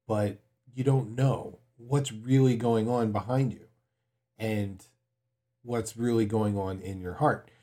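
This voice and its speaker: A man in his forties preaching a sermon, earnest, mixing stories with quiet, emphatic points. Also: fairly low pitch. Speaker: pastor.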